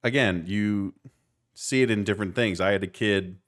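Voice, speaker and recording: A man co-hosting a podcast, a youth baseball coach who tells stories in an animated, joking way. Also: fairly low pitch, normal speed. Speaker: podcast co-host. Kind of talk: casual chat.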